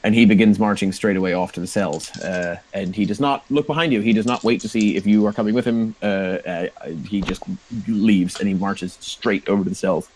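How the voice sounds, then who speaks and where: A man narrating a tabletop role-playing game as game master, in a relaxed, meandering way with many fillers. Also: fairly low pitch, fairly quick, few pauses, slight background noise, rough recording.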